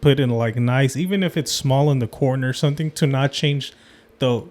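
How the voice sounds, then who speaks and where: Brief: easygoing man co-hosting a podcast, chatty and questioning, mid-pitched. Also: normal speed, a little mellow. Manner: laid-back, asks questions, reads comments. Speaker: podcast co-host. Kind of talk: casual podcast chat.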